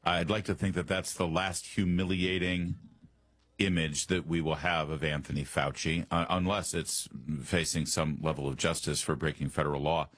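A man's voice: deep voice, little pitch movement, moderate pace, a bit bright, no room sound. A man hosting a talk radio show, commenting in a sarcastic, mocking way from a studio microphone.

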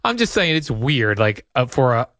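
A man's voice: moderate pace, dry recording, clean studio sound. Rambling, joking male radio co-host. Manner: joking, rambling, pitch jumps up when excited. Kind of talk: casual radio banter. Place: radio studio.

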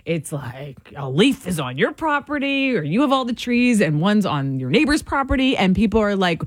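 A woman's voice: medium pitch, sing-song, normal speed, dry recording. A woman co-hosting a radio show, teasing her partner and reading listener messages. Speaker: radio co-host. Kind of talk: casual radio banter. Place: radio studio.

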